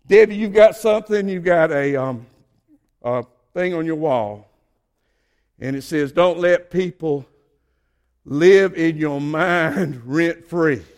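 High-voiced Southern preacher from Georgia. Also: male voice, takes it slowly. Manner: emphatic preaching, swings between quiet asides and loud exhortation. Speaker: pastor. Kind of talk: sermon.

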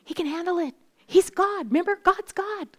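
A woman in her sixties giving a faith talk to a live group, speaking in an animated, conversational way and often dropping to a whisper for emphasis. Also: very high-pitched, normal speed. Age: 60s. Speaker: women's Bible study speaker.

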